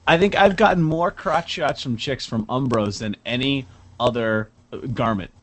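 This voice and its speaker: A tipsy man in a casual, crude chat, rambling and halting as he talks. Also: medium pitch.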